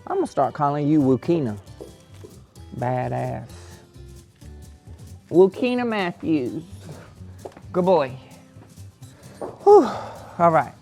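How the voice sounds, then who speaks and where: A man's voice: fairly high pitch, lively intonation, slow, creaky, pauses often, a little mellow, faint music behind. A man doing farm chores, talking in a sassy, profane, theatrical way to his animals outdoors.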